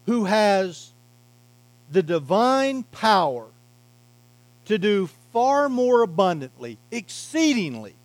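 A male pastor with a high voice delivers an emphatic sermon, leaning hard on key words and dropping his voice low at the ends of thoughts. He speaks at an unhurried pace in a dry, close recording. A faint mains hum sits underneath. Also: no room sound, poor audio. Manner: emphatic preaching, varying loudness and pace.

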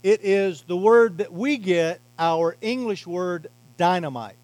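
A man preaching a sermon as pastor, emphatic, swinging from loud to quiet and slowing on key words. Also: high voice, no room sound, low-quality recording. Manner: emphatic preaching, varying loudness and pace.

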